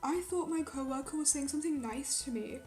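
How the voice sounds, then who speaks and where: Young woman streamer, bright high voice, rambling and foul-mouthed, echoey room. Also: brisk, soft background music. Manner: rambling, swears a lot, ranting. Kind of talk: casual chat with live chat. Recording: roomy echo.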